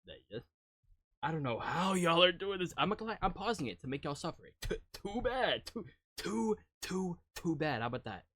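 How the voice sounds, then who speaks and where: A man casually talking through a live-stream reaction, teasing his viewers, laughing and jumping suddenly from quiet to loud. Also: a little high, very animated, moderate pace, husky, no echo, clean studio sound. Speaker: streamer reacting to music videos.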